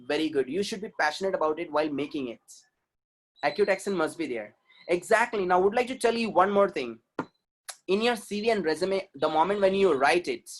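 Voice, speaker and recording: A man with an Indian accent gives a webinar talk as a communication trainer. He is emphatic, repeats his points and keeps asking the audience questions. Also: high-pitched. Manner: emphatic and repetitive, asks the audience rhetorical questions.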